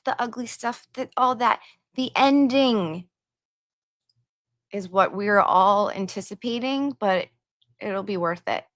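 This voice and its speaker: A woman's voice: a little high, a bit bright, no echo, studio quality. A woman hosting a livestream, chatting casually and reading viewer donations and messages aloud with her own asides.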